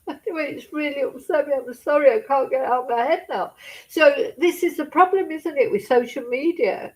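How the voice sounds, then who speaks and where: Upset aussie woman on a live stream, bit teary, swears, nervous little laughs, highish voice. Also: a little slow, a little mellow, rough recording. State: tearful. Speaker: true crime streamer. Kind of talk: casual live-stream chat.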